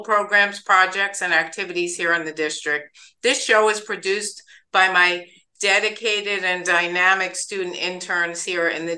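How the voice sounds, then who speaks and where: A woman with a bright, clear-edged voice hosts a podcast. She talks chattily and upbeat, and she stumbles over a name now and then. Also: on the low side, rough recording. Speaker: podcast host. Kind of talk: casual interview.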